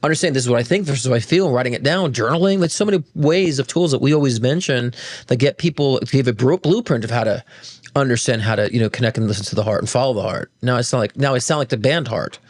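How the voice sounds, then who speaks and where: A man's voice: medium pitch, fast. A man co-hosting a casual spiritual talk show, explaining things earnestly with many fillers. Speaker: co-host.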